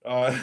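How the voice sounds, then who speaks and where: A man telling a story as co-host on a casual livestream, friendly and laughing often. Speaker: co-host, husband.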